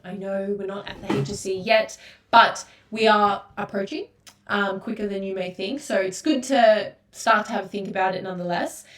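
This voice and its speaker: A woman with an Australian accent giving a casual exam-prep lesson, chatty and full of fillers. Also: mid-range voice. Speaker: tutor. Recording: echoey room, far from mic.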